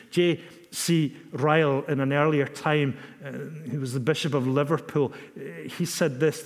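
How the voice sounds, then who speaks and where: A man preaching a sermon in a measured, emphatic way, repeating phrases for stress. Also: on the high side. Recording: long reverb of a hall.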